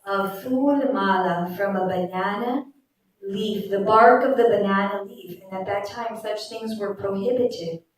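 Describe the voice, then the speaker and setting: A young woman teaching a children's religious class in a temple hall, slow and patient, quizzing the kids as she goes. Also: medium pitch. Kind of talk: religious lesson with chanted verses. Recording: very echoey hall, mic far off.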